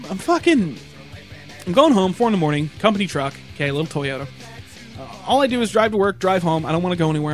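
A man telling a rambling, profanity-heavy road rage story with animated asides, sounding a bit tired. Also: high voice. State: tired, yawning.

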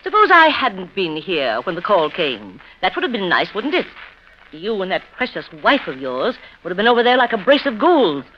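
An actress playing a bitter, sharp-tongued woman who mocks her family in an old radio drama. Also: medium pitch, big pitch swings, moderate pace, close to an everyday voice. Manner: scornful and biting, sugary when coaxing. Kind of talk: 1930s radio drama acting. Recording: dull old radio recording with faint hiss.

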